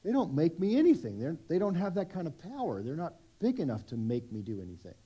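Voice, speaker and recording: High-voiced man preaching casually. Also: wildly swooping pitch, quick pace, dark tone, husky. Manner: conversational and self-deprecating, many restarts. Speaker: pastor. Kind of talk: sermon. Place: church service.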